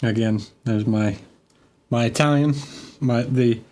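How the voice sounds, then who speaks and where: A man's voice: medium pitch, slow, darkish tone. A man chatting casually and joking with viewers while painting a miniature on a live stream. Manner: joking, chatty, restarts sentences.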